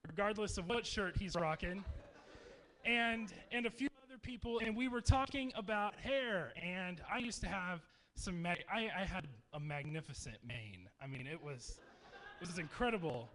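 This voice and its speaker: A man in his thirties from Texas, speaking to campers in a dark meeting hall, telling jokes and stories in a chatty way. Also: sits high, normal speed. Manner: joking, chatty storyteller. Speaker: youth camp speaker. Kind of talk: humorous youth talk to campers.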